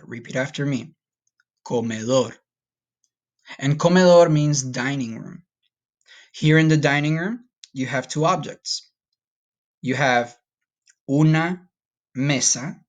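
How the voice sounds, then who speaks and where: A man teaching a recorded Spanish vocabulary lesson, patient and upbeat, slowing down to repeat each word. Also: mid-range voice. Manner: patient, slow repetition drills with upbeat asides.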